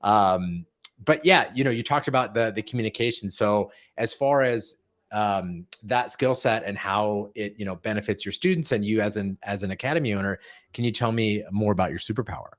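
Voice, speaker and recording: A man hosting a casual podcast interview who chats with enthusiasm and drops quick asides. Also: fairly low pitch. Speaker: podcast host.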